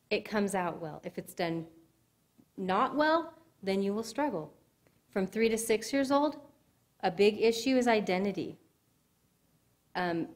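A woman giving conversational sermon-style teaching in a church, checking with her listeners as she goes. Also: medium pitch. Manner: conversational teaching, asks the audience if it makes sense. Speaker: speaker at a church service.

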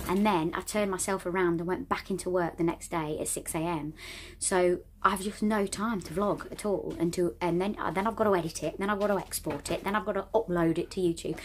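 Middle-aged woman, rambling chatty vlogger, lowish voice. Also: slight background noise. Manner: chatty and rambling, laughs often. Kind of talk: casual chat to camera. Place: indoors at a relative's home.

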